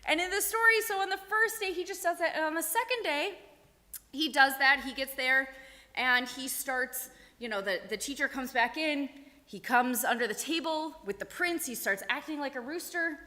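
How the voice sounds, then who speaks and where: A woman telling a story to a group of children, animated and asking them questions along the way, in a synagogue sanctuary. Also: high-pitched, moderate pace. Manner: animated, asks the kids questions. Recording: echoey hall.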